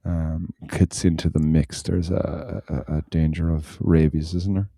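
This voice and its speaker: A man's voice: a bass voice, little pitch movement, unhurried, creaky, warm tone, dry recording, clean studio sound. A man co-hosting a podcast in casual chat, telling stories full of swearing, fillers and restarts. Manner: swears freely, lots of fillers and restarts, laughs through stories. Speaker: podcast co-host.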